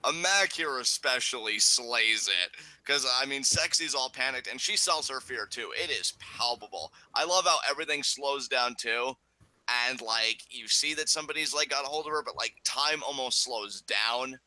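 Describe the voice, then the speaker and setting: A man with a pushed, bright, mid-range voice co-hosts a casual chat reviewing wrestling episodes, speaking at normal speed with clear enthusiasm. He acts out quoted lines in quick bursts. There's no echo on the recording.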